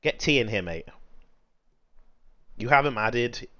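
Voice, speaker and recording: A man's voice: mid-range voice, expressive, slow, pushed and bright, highs cut off. A man streaming and chatting casually, teasing and laughing defensively during an argument.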